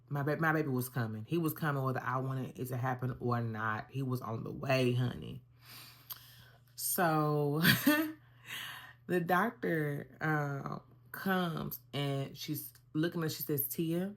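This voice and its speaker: Low-voiced woman telling a story. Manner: animated, conversational, addresses viewers as y'all. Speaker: vlogger. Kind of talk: casual storytelling.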